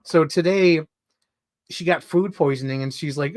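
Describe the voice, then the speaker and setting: A man's voice: fairly high pitch, fairly even intonation, fairly quick, dry recording, studio quality. A man live streaming, chatting casually and rambling with lots of fillers as he shows off collectibles. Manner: chatty, rambling fan talk with many fillers. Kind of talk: casual chat.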